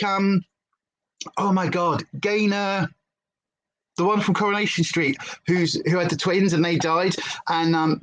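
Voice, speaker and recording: Through headphones and a desk setup, a British woman with a fairly low voice livestreams casually from home, though the audio is poor. A former TV presenter, she's chatty, lively in her storytelling, and prone to wandering off on tangents.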